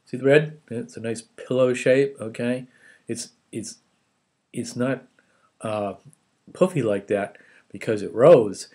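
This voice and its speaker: A man's voice: on the low side, a little mellow. A man in a casual home food video, chatting and rambling about his meal and stopping to chew between remarks. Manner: chatty, rambling, restarts, talks while chewing. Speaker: home cook vlogger. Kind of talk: casual food show-and-tell.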